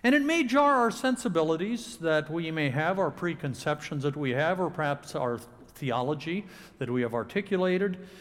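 A man preaching a sermon to a congregation, with dramatic pauses and expressive delivery. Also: fairly high pitch, in a large hall. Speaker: pastor. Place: church sanctuary.

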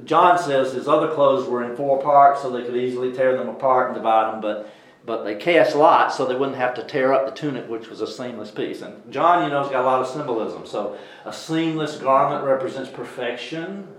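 A man's voice: mid-range voice, fairly quick, a bit bright. A man teaching a Bible study class in a conversational way, putting questions to the class as he goes. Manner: conversational, asks the class questions, many restarts. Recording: echoey room.

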